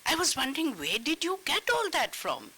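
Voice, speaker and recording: A woman's voice: high-pitched, huge pitch swings, fairly quick, sharp tone, poor audio. A woman interviewer at a festival panel, asking thoughtful, probing questions.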